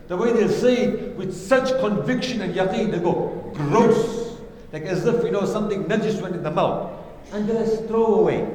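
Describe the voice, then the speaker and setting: A man preaching a sermon in a high, ringing voice. He speaks with emphasis and repeats his key lines for weight. The sound fills a large mosque hall with long, heavy reverb. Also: darkish tone. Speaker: imam. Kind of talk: Friday sermon.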